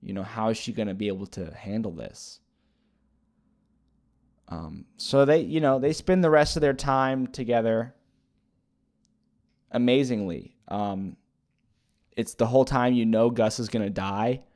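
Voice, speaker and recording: A man's voice: fairly low pitch, a little slow, long pauses, darkish tone. A man casually retelling a movie plot as a reviewer, rambling and hesitant with many fillers and restarts. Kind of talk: casual spoken movie recap.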